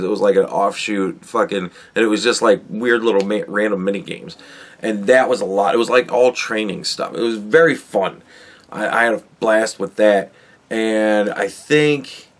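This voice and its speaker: A middle-aged man hosts a podcast, rambling through a work story with a steady stream of swearing. He talks casually in a mid-range voice and acts out both sides of the conversations. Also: medium pitch. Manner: profane, rambling and animated, acts out quoted dialogue. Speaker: podcast host.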